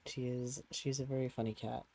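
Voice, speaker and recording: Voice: mid-range voice, little pitch movement, a little fast, creaky, darkish tone, rough recording. A streamer chatting casually while playing a game at a home desk, cooing to a pet cat between musing remarks.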